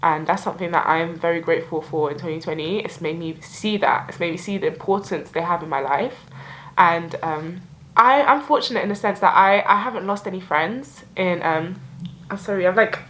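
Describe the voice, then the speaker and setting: A woman's voice: lowish voice, fairly bright tone, a little hiss or hum, poor audio. A young woman in a reflective year-end vlog, talking in a heartfelt, emotional way with lots of filler likes. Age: young adult. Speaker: vlogger.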